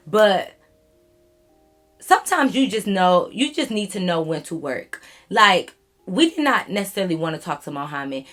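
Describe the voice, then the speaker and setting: Young woman, storytime vlogger, casual and rambling, slangy, mid-pitched voice. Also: fairly bright tone. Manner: rambling, chatty, slangy, addresses viewers as y'all. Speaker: YouTube storyteller.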